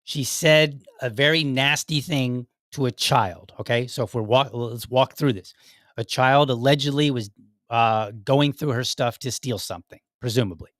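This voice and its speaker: A man's voice: mid-range voice, moderate pace, fairly bright tone, no echo, clean studio sound. Rambling man hosting a solo podcast. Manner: rambling, self-correcting, many fillers. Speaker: podcast host. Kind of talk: casual commentary monologue.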